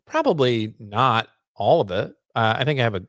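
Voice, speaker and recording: A man's voice: medium pitch, normal speed, dry recording, studio quality. A man co-hosting a casual backpacking chat, telling stories and acting out what he said. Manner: animated storytelling, acts out quotes. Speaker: podcast co-host.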